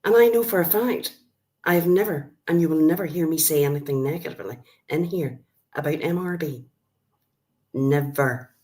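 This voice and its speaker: A grandmother with an Irish accent and a low voice talks straight to her live-stream viewers. She is feisty and blunt and calls out chatters by name. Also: moderate pace, a little mellow. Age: older. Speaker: livestream host. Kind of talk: casual live-stream chat.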